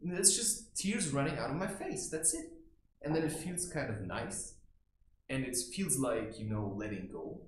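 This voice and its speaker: A man's voice: mid-range voice, expressive, normal speed, a little hiss or hum, close to an everyday voice. A man playing a blunt, boastful macho barbarian in a rambling comic monologue, keeps tossing in "right?", recorded in a room. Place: room indoors. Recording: echoey room.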